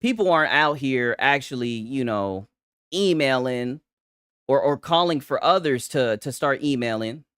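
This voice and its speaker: A young man talks through gaming news in a loose, profane, mocking way. His pitch leaps all over the place as he reacts. The recording is dry, with no room sound. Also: expressive, a little slow, a bit bright, clear, resonant tone, dry recording. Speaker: gaming commentary host. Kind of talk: reaction commentary.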